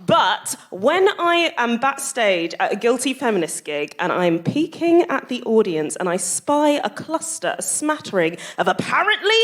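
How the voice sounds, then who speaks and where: Animated, mock-earnest woman comic. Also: on the high side, unhurried, few pauses, a little hiss or hum. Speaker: co-host comedian. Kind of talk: stand-up comedy bit.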